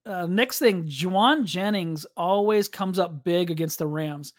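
A man hosting a casual sports podcast, rambling and halting with lots of fillers and restarts while he reads viewer comments. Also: sits high, dry recording, studio quality. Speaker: podcast host. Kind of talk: casual live-stream sports podcast chat.

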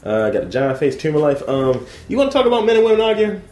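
A man's voice: on the high side, very animated, fast talker, darkish tone, roomy sound. A man co-hosting a podcast in loose, crude banter, rambling and profane and laughing often. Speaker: podcast co-host.

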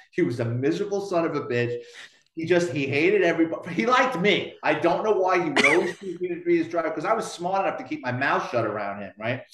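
A middle-aged man with a Bronx New York accent, a retired police detective telling blunt, profane stories with dark humor in a casual interview. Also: fairly high pitch. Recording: roomy echo.

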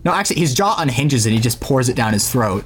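A man's voice: mid-range voice, very animated, fast talker, over music. A man running a tabletop game as game master, narrating in a casual storytelling way.

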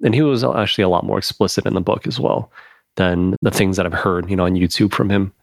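Gravelly low-voiced man chatting casually. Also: fast talker, no room sound, clean studio sound. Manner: animated, swears freely, laughs often while talking. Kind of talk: casual chat.

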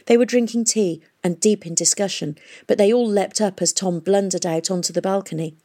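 A woman narrating a novel in a steady, expressive reading voice. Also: medium pitch, fairly quick. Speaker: audiobook narrator. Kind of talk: storybook narration.

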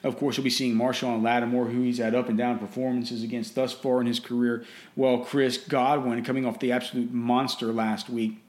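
A man's voice: medium pitch, level tone, fairly quick, a little mellow. A man giving casual fantasy football and betting commentary in a blunt, opinionated way, often restarting and repeating words.

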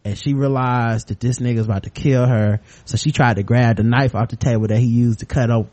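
A man's voice: mid-range voice, steady tone, brisk, darkish tone, dry recording. A man co-hosting a podcast, casually retelling a TV episode and acting out the scenes in quoted voices. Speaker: podcast co-host. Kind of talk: casual chat recapping a TV episode.

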